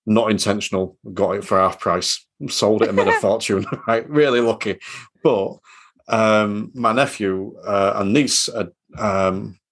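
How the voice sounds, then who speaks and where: A man's voice: lowish voice, fairly even intonation, a little slow, fairly bright tone. Chatty man. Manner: chatty, anecdotal storyteller. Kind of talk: casual chat.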